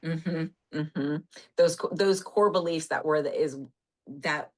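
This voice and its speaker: A woman therapist speaking from her office on a podcast, explaining earnestly with animated emphasis. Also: low-pitched, slow. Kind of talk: podcast conversation.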